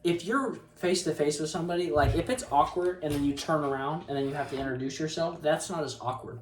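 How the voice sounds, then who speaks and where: A young man in his twenties telling a story to camera in a casual, animated, self-mocking way, laughing often. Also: fairly high pitch, a little fast, few pauses. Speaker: co-host of a couple's channel. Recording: roomy sound, mic a bit far.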